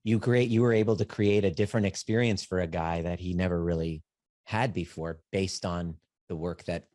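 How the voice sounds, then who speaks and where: A man hosting a podcast, interviewing a client in a calm, reflective, affirming way. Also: deep voice, moderate pace, no room sound, clean studio sound. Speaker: podcast host and coach. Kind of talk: interview and promo outro.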